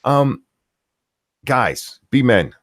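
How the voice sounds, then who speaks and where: A man's voice: medium pitch, very animated, extremely slow, no echo. Man, middle-aged, stream host, profane rant, dry close sound. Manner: profane, ranting, reads chat aloud. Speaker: commentary streamer. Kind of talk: casual live-stream rant.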